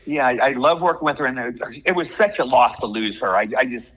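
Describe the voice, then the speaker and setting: Fast-talking, bright-voiced older man. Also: mid-range voice, low-quality recording. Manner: chatty storyteller, quick and excitable. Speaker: actor and interview guest. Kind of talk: casual interview chat.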